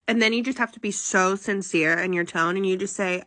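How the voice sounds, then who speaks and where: A woman who teaches high school, giving casual advice in a chatty, sassy way with mock-sincere apologetic asides. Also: steady tone, fairly quick, few pauses, fairly bright tone.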